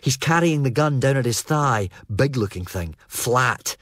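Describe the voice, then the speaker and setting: A man narrating a first-person novel as an audiobook, in a steady, even storytelling manner. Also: medium pitch, measured pace.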